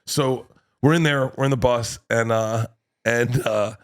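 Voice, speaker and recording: A male comedian guest telling a profane, animated story on a podcast. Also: mid-range voice. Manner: animated, swearing, quick storytelling with restarts.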